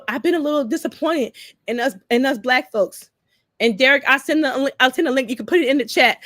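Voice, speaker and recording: An older woman speaks to her livestream viewers, earnest and searching, going back over her own phrases and letting them trail off. Her voice sits a little high, and the sound is dry and close with no room around it. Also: no room sound. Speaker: vlogger. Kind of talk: emotional livestream monologue.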